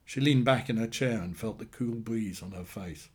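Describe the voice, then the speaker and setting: A man narrating a short story in a plain, steady storytelling manner. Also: fairly low pitch, normal speed, slightly rough. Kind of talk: scripted narration.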